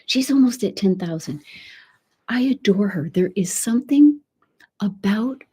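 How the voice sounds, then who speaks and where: A woman with a Texan accent hosting a live ASMR stream, chatting softly and slipping in and out of a whisper. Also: mid-range voice, expressive, a little slow, husky. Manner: soft-spoken, drifts between whisper and voice. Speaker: ASMR channel host.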